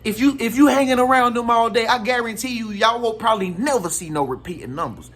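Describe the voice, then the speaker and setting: A man's voice: extremely high pitch, fast, a bit bright. A man giving casual spiritual advice to his viewers in a slangy, emphatic way, full of rhetorical questions. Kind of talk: casual motivational talk to viewers.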